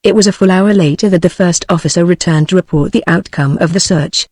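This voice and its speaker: A text-to-speech woman's voice with a British accent, reading a novel aloud in a steady, even way. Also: fairly low pitch, fairly quick, no echo. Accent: British English. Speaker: audiobook narrator.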